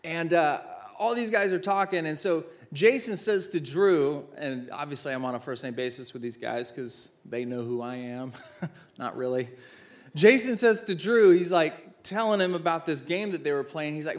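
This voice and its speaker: A former football player in his thirties gives an inspirational talk at a moderate pace, his voice fairly high. He tells personal stories with self-mocking humor and acts out the dialogue.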